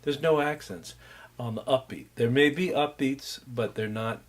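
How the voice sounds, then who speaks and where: A man teaching a music class, loosely explaining jazz rhythm and scatting and humming the patterns to demonstrate. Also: mid-range voice. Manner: scats and hums rhythms to demonstrate; unhurried, loose, with many fillers. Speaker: music instructor. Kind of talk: recorded lecture.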